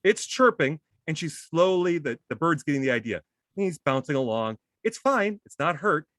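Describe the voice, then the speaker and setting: A man's voice: a little high, moderate pace, no echo, studio quality. A man telling a funny story in a casual chat, acting out voices with self-deprecating humor. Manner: animated, acts out voices in his story.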